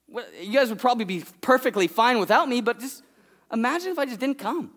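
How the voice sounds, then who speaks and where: A man's voice: extremely high pitch, brisk. A man in his thirties from California, preaching as a guest speaker in a church and telling a family story in a loose, conversational way. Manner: animated and conversational, acts out his toddler's voice. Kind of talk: sermon with storytelling.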